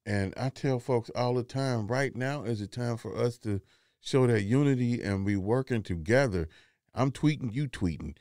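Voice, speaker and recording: A man co-hosting a casual podcast chat, rambling and halting with many fillers. His voice is smooth and resonant at an ordinary middle pitch. It was recorded in a dry room with no echo. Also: darkish tone. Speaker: podcast co-host.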